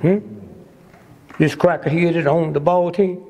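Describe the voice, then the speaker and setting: An old man in his eighties lectures an audience in a teasing, preacherly way and keeps checking in with a "hmm?". His voice is gravelly and sits a little high for a man. The sound carries a long reverb from a big lecture hall. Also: steady tone, a little slow, darkish tone. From United States. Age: 80s. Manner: preacherly, teasing, asks "hmm?" after nearly every point. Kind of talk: comedic lecture to a live audience.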